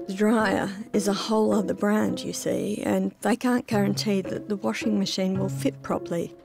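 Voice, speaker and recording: A woman's voice: mid-range voice, gravelly. A middle-aged woman narrating her own memoir in a reflective, intimate first-person telling.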